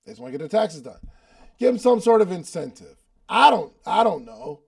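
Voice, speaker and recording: In a high, gravelly, sing-song voice that moves a bit fast, a podcast host and business coach leads a casual live coaching meeting online. He keeps things loose, dropping slang and repeating phrases to stress his points.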